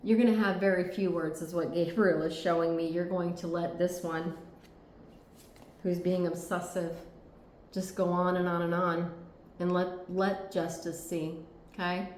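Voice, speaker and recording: A woman's voice: fairly low pitch, level tone, measured pace, darkish tone, slight background noise. A woman giving a tarot reading, talking earnestly and reassuringly and often checking in with "okay?". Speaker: tarot reader. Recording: echoey room.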